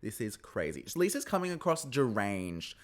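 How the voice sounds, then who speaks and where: A man recaps a reality TV episode in casual, gossipy commentary, his pitch leaping up and down as he reacts. He curses freely and slips into high, mocking impressions of the cast members. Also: normal speed. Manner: gossipy, animated, swears, mimics the cast in a high voice.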